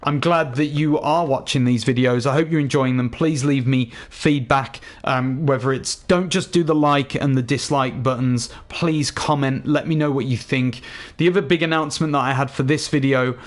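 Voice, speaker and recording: A man's voice: mid-range voice, moderate pace. Chatty English man wrapping up a video. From England. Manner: chatty, earnest, rambling. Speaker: gaming YouTuber. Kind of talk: casual outro to viewers.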